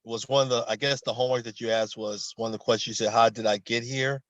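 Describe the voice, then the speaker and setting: A man's voice: medium pitch, fairly even intonation, fast, a bit bright, no room sound. A man taking part in a coaching session, speaking hesitantly with fillers and then reading out notes he wrote. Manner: hesitant, reads out his own written notes. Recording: dull, dry lo-fi call audio.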